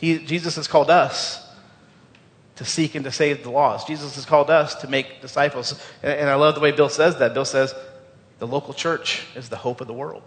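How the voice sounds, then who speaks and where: A man's voice: fairly high pitch, fairly even intonation, normal speed. A man giving a sermon as a pastor, earnest, stumbling over repeated words and asking the congregation questions. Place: church sanctuary. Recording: long reverb of a church hall.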